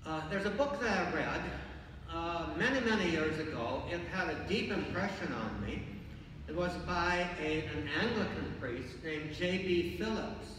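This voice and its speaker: Older priest preaching in an echoing church. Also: male voice, fairly high pitch, animated, measured pace, slight background noise. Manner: conversational, storytelling, gently humorous. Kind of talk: sermon. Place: large church. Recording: echoey church from far off.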